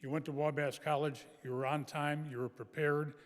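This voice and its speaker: A man's voice: on the high side, level tone, normal speed. An older man giving a folksy, anecdotal speech as a guest speaker in a large chapel. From American Midwest. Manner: folksy storytelling. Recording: long chapel reverb.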